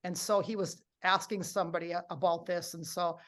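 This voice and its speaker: A middle-aged woman presenting a live workshop, upbeat and coaxing her audience to join in, acting out quotes with lively voices. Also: fairly low pitch, a little fast.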